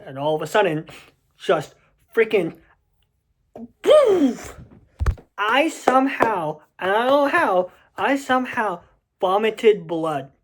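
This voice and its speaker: A man's voice: high voice, expressive, measured pace, a bit bright. A young adult man casually telling a personal story to camera, rambling with many restarts and fillers.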